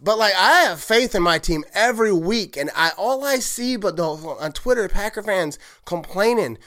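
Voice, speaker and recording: A man hosting a solo sports podcast, rambling and excited, often correcting himself and laughing at his own slips. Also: high voice, normal speed, hardly any pauses. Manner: rambling, heavy use of "like", self-correcting. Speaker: podcast host.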